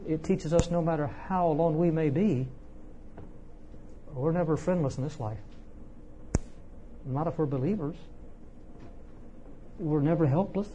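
Preacher, expository sermon, mellow tone, emphatic, repeats words, faint background noise. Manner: emphatic, with wide swings in pitch and loudness.

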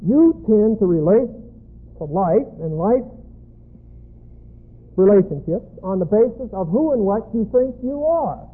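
A man with a fairly high, husky voice teaches a Bible lesson in a slow, deliberate way. He spells out letters one by one as he writes on a board. The sound is tinny and narrow, like a phone line. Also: expressive.

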